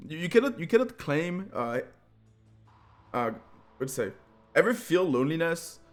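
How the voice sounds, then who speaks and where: A man's voice: on the high side, moderate pace, soft background music. A tired man with a French accent commentating a live game, joking and filling gaps with lots of "uh". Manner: excitable, joking, many fillers. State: sleep-deprived. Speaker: esports commentator.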